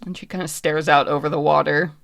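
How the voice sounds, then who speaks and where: A woman's voice: sits low, steady tone, a little fast, creaky, a bit bright. A woman narrating a tabletop game as game master, describing scenes with many casual fillers.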